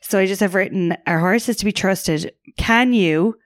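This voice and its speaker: A woman's voice: mid-range voice, moderate pace, dry recording, clean studio sound. A young Irish woman co-hosting a podcast, chatting casually and bluntly, swearing freely and laughing often. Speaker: podcast co-host. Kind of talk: casual chat.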